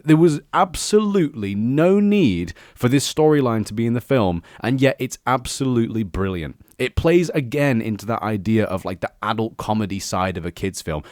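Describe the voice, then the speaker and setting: A young man giving a casual, excitable, profanity-laden spoken review as a video host. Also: on the low side, no room sound, studio quality. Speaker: YouTube reviewer.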